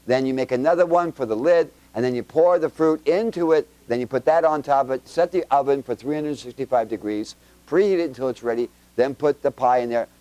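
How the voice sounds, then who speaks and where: A man teaching the Bible to a mixed room of adults and kids in a loose, conversational way. He keeps quizzing the listeners with rapid questions and jokes between homespun examples, in a middle-pitched voice. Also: mellow, no echo. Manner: quizzes the audience with quick questions; chatty and joking, with homespun examples. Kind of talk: informal Bible teaching to a congregation with children.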